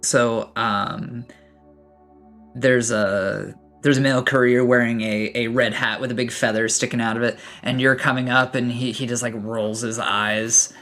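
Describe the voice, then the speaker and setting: A man's voice: medium pitch, flat delivery, unhurried, pushed and bright, faint music behind. A man running a tabletop game as game master, narrating loosely with many fillers and restarts.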